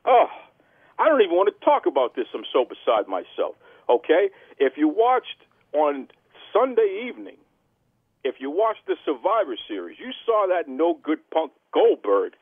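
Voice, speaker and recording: Brash, boastful podcast host playing a heel, lively and husky, phone-quality sound. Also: male voice, on the high side, normal speed, dry recording. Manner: boastful, theatrical heel persona. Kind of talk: brash wrestling podcast talk.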